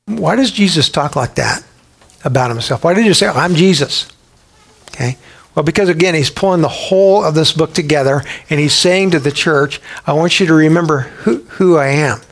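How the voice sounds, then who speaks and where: A male pastor preaches a sermon in a slightly raised pitch at a moderate pace, with some vocal fry. His delivery is emphatic and urging, driving home points through repeated rhetorical questions.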